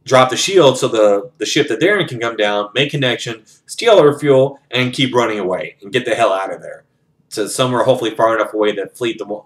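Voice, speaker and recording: A man's voice: mid-range voice, fairly bright tone. Man casually retelling a novel. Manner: profane, rambling, conversational. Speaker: book reviewer retelling a novel. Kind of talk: casual spoken retelling of a story.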